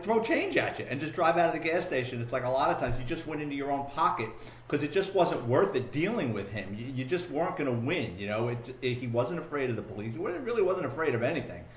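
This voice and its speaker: Fast-talking New podcast host. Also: male voice, medium pitch. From Bronx, New York. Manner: quick, chatty, prompting questions. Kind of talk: casual interview chat. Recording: echoey room with faint noise.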